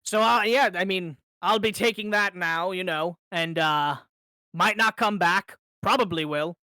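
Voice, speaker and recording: Bright-voiced, stammering man role-playing. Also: high voice, a little slow, no room sound. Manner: hesitant, stammering restarts. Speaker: player. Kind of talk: in-character tabletop role-play.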